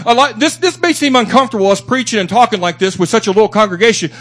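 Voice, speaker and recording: A man's voice: very high-pitched, a bit bright. A man preaching a sermon to a small church congregation, fervent and repetitive, building up his phrases for emphasis. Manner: fervent, rising and repeating for emphasis.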